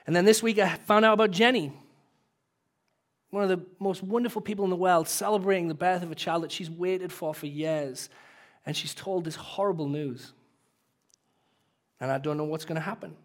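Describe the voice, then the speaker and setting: A man's voice: high-pitched, normal speed, pauses often. Earnest emotional male pastor. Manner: earnest, emotional, swells louder then drops soft. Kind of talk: sermon and closing prayer.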